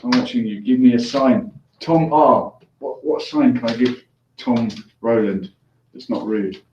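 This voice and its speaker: A man's voice: medium pitch, a little slow, darkish tone, slight background noise. A man hosting a call-in show, chatting casually with callers, joking and laughing easily. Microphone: headphones on, mic at a distance. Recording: echoey room, distant dull lo-fi mic.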